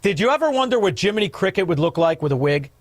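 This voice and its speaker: Male talk radio host, high and lively voice, dry studio sound, combative and sneering. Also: fast talker, no echo. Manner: mocking, combative, insulting. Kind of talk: talk radio taking calls. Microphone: studio microphone.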